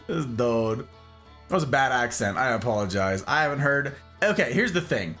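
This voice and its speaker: A man streaming a game and chatting with his viewers in a playful, animated way. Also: medium pitch, moderate pace, faint music behind. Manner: playful, animated, given to jokes. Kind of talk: casual live-stream chat.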